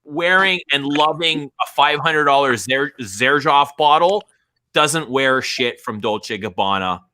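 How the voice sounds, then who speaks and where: A man with a bright, forceful voice lays out his opinions in a casual chat. He is emphatic and somewhat preachy, hammering the same point again to make it land. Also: mid-range voice, lively intonation, a little slow, slight background noise.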